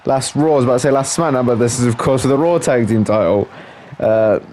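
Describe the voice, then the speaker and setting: A man's voice: medium pitch, fast, darkish tone, slight background noise. A man giving casual play-by-play commentary over a video game, with frequent exclamations and filler words. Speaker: gameplay commentator.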